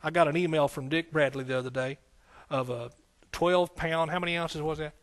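A man with a somewhat high voice preaches with folksy fire. He hammers the same phrase again and again and keeps asking his congregation for an "amen". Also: steady tone, a little fast. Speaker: pastor and Bible teacher. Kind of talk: sermon.

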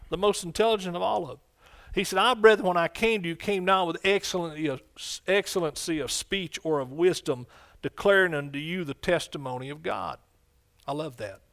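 A man preaching from the pulpit with exuberant energy. His voice sits somewhat high, and he breaks into sudden shouted exclamations. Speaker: pastor. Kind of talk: sermon.

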